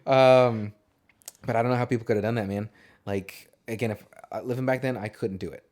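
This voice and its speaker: A man's voice: mid-range voice, fairly even intonation, a little fast, darkish tone. A man co-hosting a casual movie podcast, talking in a rambling, profane way and laughing often. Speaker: podcast co-host.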